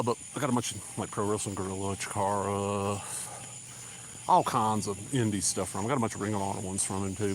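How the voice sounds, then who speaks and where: A man's voice: fairly low pitch, background noise. A man with a Southern accent, rambling casually while walking, a little out of breath. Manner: rambling, casual, drawling asides. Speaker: vlogger. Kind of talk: rambling live-stream chat while walking. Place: country road outdoors. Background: crickets and insects.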